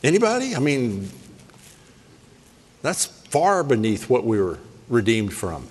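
A man preaching a sermon in a lively, playful way, rattling off scripture references. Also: medium pitch, slow pace, breathy edge. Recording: long hall reverb.

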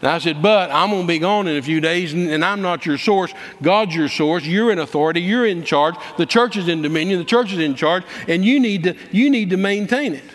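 A man preaching a story in a folksy, dramatic way, with repeated words and shouted quoted lines. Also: high-pitched, brisk, few pauses. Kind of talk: storytelling sermon. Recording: long hall reverb.

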